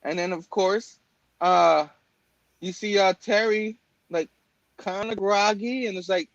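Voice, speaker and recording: A man's voice: sits high, slow pace, creaky, long pauses, no echo, lo-fi sound. A man hosting a casual comic book talk show, rambling with lots of fillers and restarts. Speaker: podcast host. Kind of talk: casual chat.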